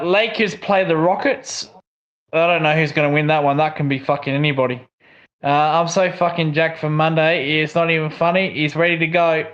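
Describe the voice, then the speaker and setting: High-voiced swearing Australian bloke. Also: male voice, fairly bright tone, dull audio. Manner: swears a lot, rants. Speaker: livestream co-host. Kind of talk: casual stream chat.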